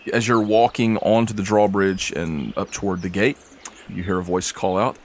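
Low-voiced game master. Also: male voice, slight background noise. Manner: relaxed, halting, with fillers. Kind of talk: narrating a tabletop game.

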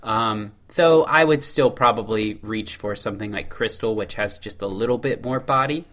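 A man's voice: on the low side, moderate pace, a bit bright. A man co-hosting a casual chat, building his point step by step and acting out scenarios. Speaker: podcast co-host.

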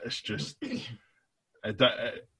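A Scottish man on a podcast with a forceful, bright edge and a rough, husky grain. He talks in casual chat, hesitating often with ums and restarting his sentences. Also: mid-range voice, huge pitch swings, drawn-out words. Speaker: podcast co-host.

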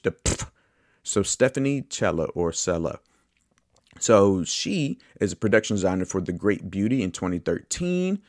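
A man with a very deep voice talks through a movie podcast in a loose, enthusiastic ramble, stopping now and then to correct himself. The sound is dry and close, with no room around it. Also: no echo. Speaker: podcast host. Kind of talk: casual movie podcast monologue.

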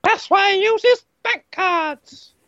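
A woman's voice: very high voice, slow, fairly bright tone, no echo. A woman co-hosting a comedy podcast, crude and teasing in casual chat. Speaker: podcast co-host. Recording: dull dry lo-fi sound.

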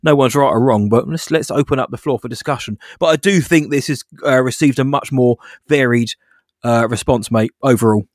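A man co-hosting a casual podcast, talking in a measured, even-handed way. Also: medium pitch, no echo, clean studio sound. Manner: measured, even-handed, calls his co-host mate. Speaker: podcast co-host.

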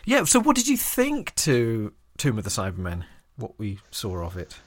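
A man's voice: fairly low pitch, wildly swooping pitch, moderate pace. A man co-hosting a podcast, chatting casually and wryly explaining details of an old TV episode. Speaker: podcast co-host. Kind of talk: casual chat reviewing a TV episode.

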